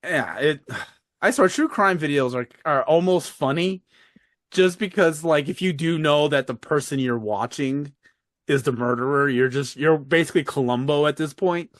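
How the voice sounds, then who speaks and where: A man's voice: fairly high pitch, normal speed, dry recording, studio quality. A man co-hosting a podcast in casual chat, rambling with frequent laughs and casual swearing. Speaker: podcast co-host.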